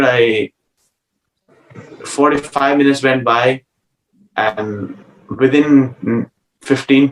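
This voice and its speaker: A man telling a personal spiritual story as an interview guest, earnest and hesitant, with many pauses and restarts. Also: medium pitch. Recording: roomy sound from a distant mic.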